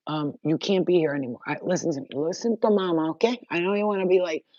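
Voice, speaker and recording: A woman's voice: on the low side, lively intonation, fast talker, a little mellow, dry recording. Blunt, profane woman channeler, lo-fi audio. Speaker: spiritual channeler. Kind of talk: casual live-stream chat.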